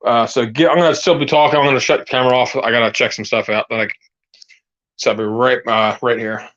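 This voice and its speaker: A man's voice: mid-range voice, steady tone, quick pace, fairly bright tone, dry recording. A man hosting a casual live chat outdoors while gardening, rambling and restarting as he talks straight to his viewers on a lapel mic. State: out of breath. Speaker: channel host. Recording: dull, dry lo-fi sound.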